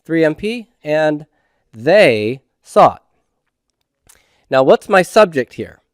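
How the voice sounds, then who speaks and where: A man's voice: on the high side, no room sound, clean studio sound. A middle-aged man teaching a recorded grammar lecture. He patiently asks questions and then answers them himself.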